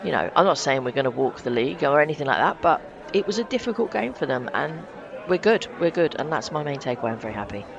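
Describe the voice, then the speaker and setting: A man co-hosting a casual fan podcast, speaking in an animated, emphatic way. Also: fairly high pitch, quick pace, vocal fry, crowd noise. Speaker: podcast co-host. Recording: dull lo-fi sound.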